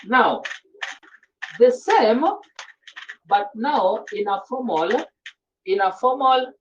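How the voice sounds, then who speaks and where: A woman's voice: a little high, a little hiss or hum. A woman teaching a class, repeating herself and checking often that students follow. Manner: slow, repetitive, checks understanding often. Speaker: French teacher. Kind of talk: classroom language lesson. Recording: dull lo-fi recording.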